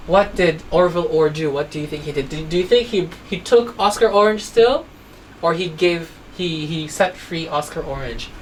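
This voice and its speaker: A woman's voice: medium pitch, far from the mic, slight background noise, low-quality recording. A woman teaching a child English phonics, telling a story and asking patient questions. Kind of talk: online phonics lesson for a child.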